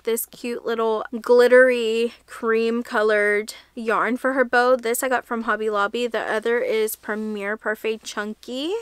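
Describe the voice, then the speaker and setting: Casting: young woman vlogger, bright crisp voice, chatty and rambling, dry close sound. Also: a little high, dry recording. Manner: chatty, rambling, self-correcting. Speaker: crochet vlogger. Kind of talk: casual show-and-tell vlog.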